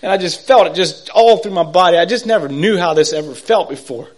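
A man's voice: high voice, fairly quick. Earnest man telling his faith story. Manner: earnest and emotional, swinging between hushed near-whispers and excited loud bursts; rambling with many restarts and asides to listeners. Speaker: speaker giving a personal faith testimony. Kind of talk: personal testimony storytelling.

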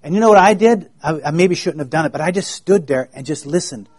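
A man giving a children's sermon, in a gentle, folksy way that keeps asking the children questions. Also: on the high side, lively intonation, quick pace, husky.

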